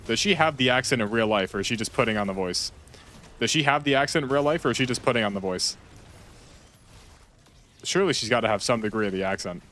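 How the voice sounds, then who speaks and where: A man chatting casually while playing a game, rambling and repeating himself, with sudden loud outbursts. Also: mid-range voice, lively intonation, fast, pauses often, a little hiss or hum. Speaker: gaming streamer. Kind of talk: casual gameplay chat.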